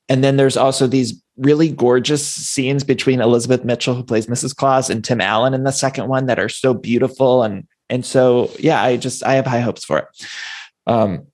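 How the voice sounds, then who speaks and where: A man's voice: medium pitch, darkish tone. A man hosting an interview podcast, chatty and enthusiastic, running through a guest's credits with questions. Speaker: podcast host. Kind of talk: casual interview chat.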